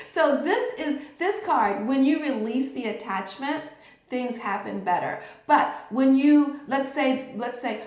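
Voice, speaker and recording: A middle-aged woman teaching a tarot class in a relaxed, chatty way, often checking in with her listeners. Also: on the high side, measured pace. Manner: chatty, checks in with "okay?" and "right?". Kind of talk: informal teaching talk. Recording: echoey room.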